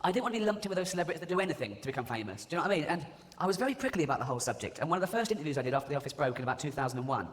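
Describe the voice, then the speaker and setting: A comedian on stage, his voice lively and rather high as he mocks and swears his way through his set. Long hall reverb carries his words, and a loud crowd hums under everything. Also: rapid-fire, few pauses. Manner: mocking, swearing, mimics people. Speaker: stand-up comedian. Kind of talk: live stand-up comedy. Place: large live venue before an audience. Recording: echoey arena with loud crowd ambience.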